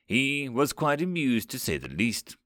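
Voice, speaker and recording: A polished, secretive male alien envoy, polite and faintly amused, as a man voices him in a story reading. His pitch moves in a lively way. The sound is close and dry. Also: a little slow, no echo. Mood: composed.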